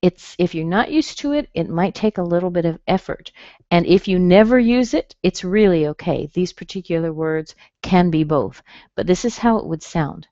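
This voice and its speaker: Woman with an American accent, pronunciation teacher, low voice, slow drawn-out demonstrations, dull dry webinar audio. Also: animated, warm tone, no echo. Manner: patient, explains slowly, drawing out demonstration sounds. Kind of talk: live online class.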